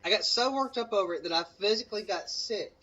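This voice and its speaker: A man's voice: high voice, fast talker, pushed and bright, recorded from a distance, dull audio. A young man from Mississippi with a Southern US accent, telling a rambling casual story while playing a video game and breaking off to react to the game. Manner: rambling, many fillers and asides to the game. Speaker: gaming channel co-host. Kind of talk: casual storytelling over gameplay.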